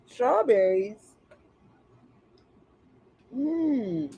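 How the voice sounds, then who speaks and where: Mellow-voiced, slangy tarot reader chatting. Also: mid-range voice, measured pace, long pauses, a little hiss or hum, low-quality recording. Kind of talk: casual live-stream chat.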